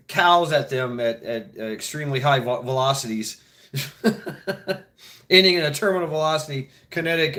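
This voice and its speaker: His voice is a little high and a bit bright. The male show host keeps the chat loose, profane and rambling, laughing at his own jokes and putting on mock voices to imitate people.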